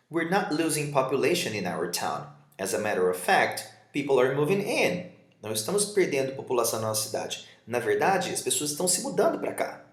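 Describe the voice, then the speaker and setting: A man's voice: mid-range voice, roomy sound. A man whose first language is Portuguese, teaching English vocabulary, reading example dialogues aloud and explaining them. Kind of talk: vocabulary lesson.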